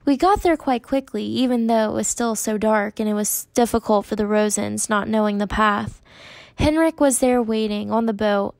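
A tender storybook mother, soft-spoken and steady, who quietly makes light of her own trouble, as a woman reading aloud puts her on. The voice sits a little high and dry, close to the mic. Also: vocal fry, no room sound. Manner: soft, steady, self-deprecating. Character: gentle, injured mother, calm and reassuring.

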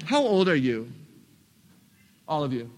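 Animated, joking speaker addressing parents. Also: male voice, a little high, a little slow, slight background noise. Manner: animated, joking, asks the audience questions. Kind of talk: live talk to an audience of parents.

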